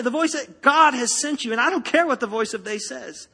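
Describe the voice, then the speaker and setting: High-voiced husky preacher in reverberant hall. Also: male voice, fast talker, hardly any pauses, bright, forceful tone. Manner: emphatic, rousing, addresses congregation directly. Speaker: pastor. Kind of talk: sermon. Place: church sanctuary. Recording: long reverb of a large hall.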